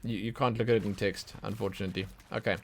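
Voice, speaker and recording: A man chatting excitedly and thinking aloud while he streams himself playing a video game. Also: on the low side, fast, slight background noise. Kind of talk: casual let's play commentary.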